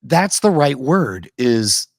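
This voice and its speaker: A man co-hosting a podcast, reflecting casually and haltingly on an old sitcom. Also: medium pitch, sing-song, creaky, no echo, studio quality. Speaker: podcast co-host. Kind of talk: casual chat about a TV episode.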